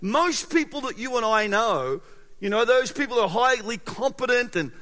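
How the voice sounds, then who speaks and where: A male pastor preaching a sermon in an animated way, with sudden loud emphasis and quiet, close passages. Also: extremely high pitch, normal speed. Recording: long hall reverb.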